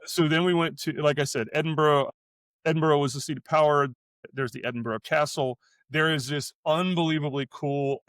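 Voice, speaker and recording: A middle-aged American man talking as a podcast co-host, drifting through a rambling story in easy conversation. His voice sits at an ordinary pitch and sounds close and dry, with almost no room around it. He stops and restarts his sentences as he goes. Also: fairly bright tone, dry recording. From United States. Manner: rambling, self-interrupting storyteller. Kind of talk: casual chat.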